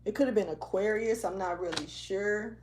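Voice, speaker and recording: A woman reads tarot in a loose, slangy, rambling way, sometimes slipping into a half-rapped rhythm. Her voice sits at an ordinary middle pitch. She moves around indoors, so she drifts away from the camera mic at times. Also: moderate pace, a little mellow, a little hiss or hum. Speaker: tarot reader. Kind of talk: casual tarot reading. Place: indoors, moving around the room.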